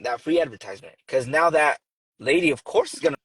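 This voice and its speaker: Relaxed agreeable man, dry sound. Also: on the high side, slightly rough, dry recording, low-quality recording. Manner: relaxed and agreeable, halting with fillers. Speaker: guest on a business livestream. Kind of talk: casual chat.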